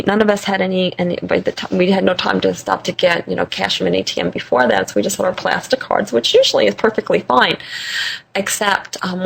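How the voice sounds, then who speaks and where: A woman guest in an interview, telling a personal story in an animated way, laughing often and repeating phrases for emphasis. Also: mid-range voice, gravelly, slight background noise. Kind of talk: conversational storytelling.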